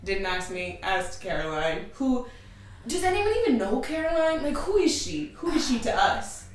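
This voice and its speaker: A woman's voice: a little high, expressive, moderate pace, slight background noise. A young woman guest on a podcast, mock-indignant and dramatic in casual chat. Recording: echoey room, distant mic.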